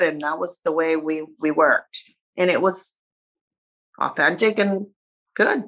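Low, bright-voiced woman talking candidly. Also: normal speed. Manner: candid, loses her words at times. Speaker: reality show cast member guest. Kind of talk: casual interview chat.

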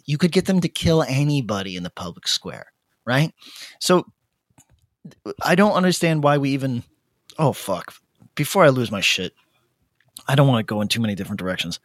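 A man's voice: medium pitch, no echo, clean studio sound. A man on a podcast, casually retelling a story with lots of fillers and acted-out quotes. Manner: rambling, many fillers, acts out quotes. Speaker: podcast co-host. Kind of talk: casual chat, animated storytelling.

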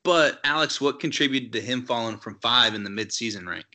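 Bright-voiced podcast host man. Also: medium pitch, fairly quick. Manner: relaxed, hedging with fillers. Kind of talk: casual podcast chat.

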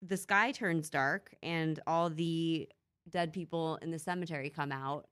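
A woman's voice: deep voice, fairly even intonation, unhurried, fairly bright tone, clean tone, dry recording. A woman chatting casually, wisecracking and jumping in with jokes and silly voices. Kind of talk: casual comedic chat.

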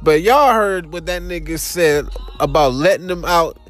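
Faint music sits behind this young podcast host, who speaks with an African American Vernacular English accent. His commentary is casual, loose, and profane, dotted with laughing asides, delivered in a slightly high voice at a moderate pace.

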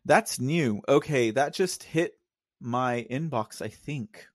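Man, Texan drawl, live-stream host, casual and rambling, medium pitch, dry close sound. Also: takes it slowly, no room sound. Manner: chatty, rambling, laughs often, talks to chat. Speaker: livestream host.

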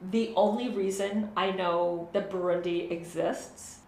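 A woman's voice: on the low side, fairly even intonation, measured pace, a little mellow. A woman co-hosting a podcast, telling a true story in casual chat, swearing and laughing at herself. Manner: swears casually, laughs often, self-deprecating. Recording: roomy with faint noise.

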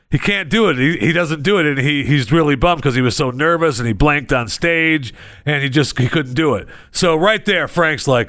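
A man's voice: fairly high pitch, moderate pace, a bit bright, no echo, clean studio sound. A man, hosting a talk show and telling a joking, rambling story. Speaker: radio show host. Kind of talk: casual chat.

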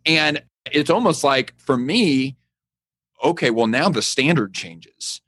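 A man hosting a faith-based leadership podcast. He is enthusiastic, laughs easily and thinks out loud as he builds his questions. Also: on the high side, lively intonation, slow, breathy edge. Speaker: podcast host.

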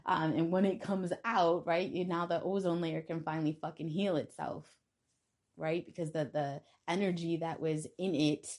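A woman with a slightly low voice talks straight to her viewers in a casual spiritual monologue. She is blunt and defiant, and she swears freely as she makes her points. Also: fairly even intonation, moderate pace, a little mellow. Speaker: vlogger.

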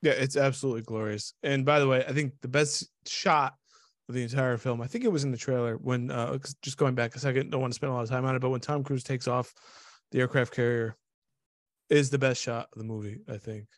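A man in casual conversation about a film, excited, laughing often and trailing off mid-sentence. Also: mid-range voice, a little fast, dry recording. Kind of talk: casual movie review chat.

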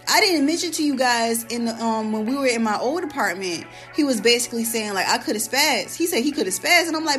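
A young woman hosting a podcast, telling a story in a casual, animated, profane way and acting out quoted lines. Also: fairly high pitch, fairly quick, faint music behind. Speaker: podcast host.

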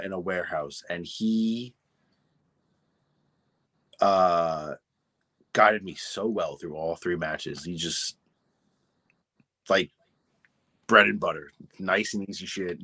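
Young male guest, husky and low, dry close mic, casual self-deprecating storyteller. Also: sharp tone, no echo. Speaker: podcast guest, wrestler. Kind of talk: casual interview chat.

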